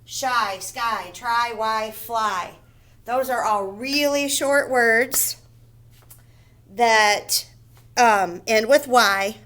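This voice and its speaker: A woman with a slightly high voice teaches a first-grade phonics lesson. She speaks slowly and patiently, breaking every rule into small steps. She keeps checking that the children are following her. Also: bright, forceful tone. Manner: slow, patient, explains step by step and checks with "okay?".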